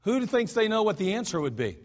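High-voiced American man preaching in a hall. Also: very animated, brisk. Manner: folksy, self-deprecating preaching with asides. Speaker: pastor. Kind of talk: sermon. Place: church sanctuary. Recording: hall reverb.

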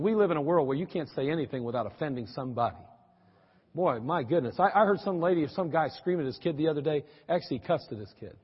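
A middle-aged man preaching a sermon, folksy and animated, with teasing asides to the congregation. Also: on the high side, husky. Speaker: pastor. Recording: dull, lo-fi audio with long church-hall reverb.

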